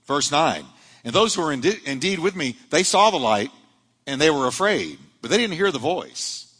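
Male pastor, fairly high voice, lively sermon delivery, long church-hall reverb. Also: normal speed, slightly rough. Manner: animated preaching, rising and dropping dramatically.

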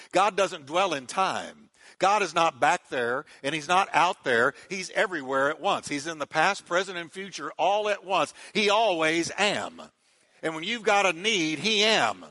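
Bright, high-voiced preaching man. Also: animated, moderate pace. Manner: emphatic, repetitive preaching with call-and-response. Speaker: pastor. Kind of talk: sermon.

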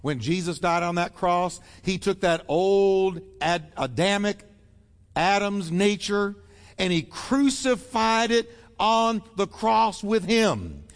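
A man's voice: sits high, lively intonation, takes it slowly, in a large hall. A man preaching a sermon as pastor, emphatic and acting out the voices he quotes.

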